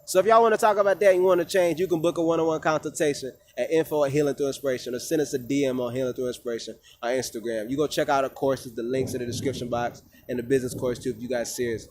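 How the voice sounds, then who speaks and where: A man's voice: mid-range voice, steady tone, racing, few pauses, darkish tone, slight background noise. A man, a wellness coach, talking to his viewers in an emphatic, preachy way with lots of casual slang. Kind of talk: informal monologue to viewers.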